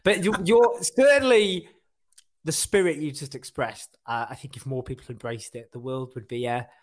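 A man's voice: medium pitch, normal speed. A man hosting a podcast in a casual, chatty interview with a guest. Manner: chatty, laughs while talking. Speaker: podcast host. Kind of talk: casual chat.

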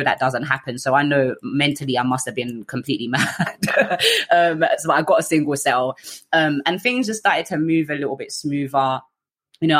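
A woman's voice: rumbling low, fairly bright tone. A woman with a British accent telling her life story candidly in a conversational way, with fillers and restarts. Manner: conversational, many fillers, acts out others in raised voices.

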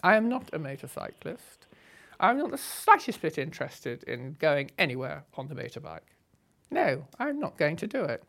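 An older woman telling her life story in an unscripted, assertive and brisk way. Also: low-pitched. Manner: brisk, assertive, animated retelling with laughs. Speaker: storyteller recalling her past. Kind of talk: unscripted spoken memoir.

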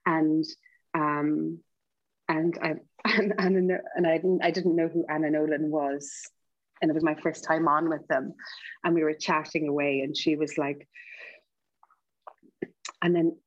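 An Irish woman, a TV cook and guest, chatting casually and acting out her stories with lively, jumping voices. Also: a little slow, long pauses, dry recording. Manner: animated, acts out quoted dialogue with big pitch jumps. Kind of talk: casual storytelling chat. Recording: slightly dull, lo-fi podcast audio.

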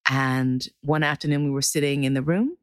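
A woman's voice: very deep voice, steady tone, moderate pace, no echo, studio quality. A woman performer telling a personal story in a casual way, laughing often and swearing casually.

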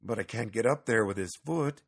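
A man voicing a gentle old farmer with a hurt foot in a storybook reading, speaking in a soothing, mild, patient way. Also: deep voice, huge pitch swings, normal speed, vocal fry, husky, exaggerated voice. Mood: calm.

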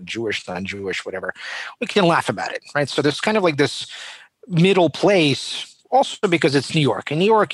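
A man in his forties, originally from Russia, tells stories as an interview guest with a reflective, humorous way of talking, often restarting his sentences. His voice sits at a middle pitch and sounds close and dry, with no room echo. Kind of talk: casual interview conversation.

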